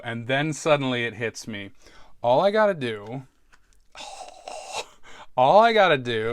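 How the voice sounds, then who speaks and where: A man's voice: medium pitch, animated, slow pace, long pauses, fairly bright tone, clear, resonant tone, no echo. A man talking casually in a rambling, self-deprecating way, often laughing and restarting his sentences, sounding stressed. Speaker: podcast host.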